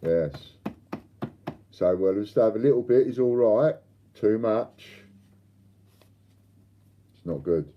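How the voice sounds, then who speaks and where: A man's voice: lowish voice, expressive, slow, long pauses, lo-fi sound. An older man hosting a live stream, chatting and bantering with viewers and reading out their comments. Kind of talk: casual chat to live viewers.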